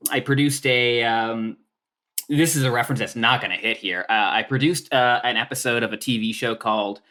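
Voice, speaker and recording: A man chatting as a guest on a comedy podcast. He rambles through his thoughts, and his sentences are full of filler words and restarts. His voice sits at an ordinary middle pitch. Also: fairly even intonation, normal speed, sharp tone. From Canada. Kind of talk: casual podcast chat.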